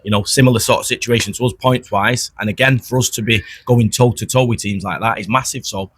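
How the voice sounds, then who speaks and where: A man's voice: mid-range voice, fairly even intonation, fast, a bit bright, breathy edge. A man speaking as a football coach after a match, determined and matter-of-fact. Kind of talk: post-match interview.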